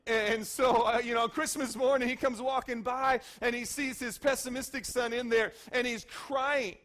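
A man in his forties preaching a sermon as pastor, telling stories with lively acted-out voices and sudden shouts. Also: very high voice, moderate pace. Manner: animated storytelling, acting out voices and shouts.

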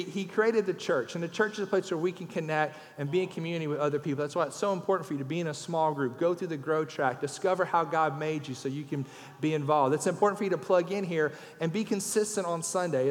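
A man, preaching a folksy sermon as a guest speaker and telling jokes. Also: on the high side. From Louisiana. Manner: folksy storyteller, raises his voice for punchlines. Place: church sanctuary. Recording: long church hall reverb.

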